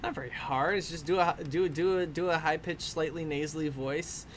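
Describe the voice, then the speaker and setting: A man's voice: on the high side, steady tone, moderate pace, a little hiss or hum. A man hosting a drawing stream, chatting casually and self-mockingly as he works and laughing easily. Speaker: streaming artist host.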